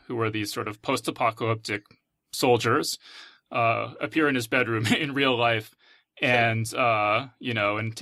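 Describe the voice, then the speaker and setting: A man hosting a podcast, relaxed as he sums up a story at length in casual chat. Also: mid-range voice, dry recording, clean studio sound. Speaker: podcast host.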